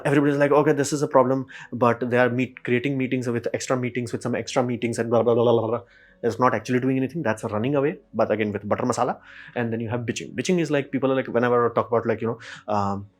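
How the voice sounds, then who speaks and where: Host, male, rapid-fire blunt rant, mid-pitched, swears freely. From India. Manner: ranting, blunt, swears, mimics others in quick asides. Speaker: channel host. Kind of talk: opinionated solo commentary.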